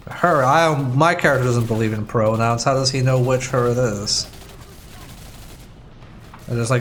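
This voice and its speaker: A mid-pitched man narrates his own gameplay in loose, casual chat. He jokes, laughs a lot and swears offhandedly. A faint hiss sits under his voice. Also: slow pace, long pauses, a bit bright. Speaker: gamer playing co-op.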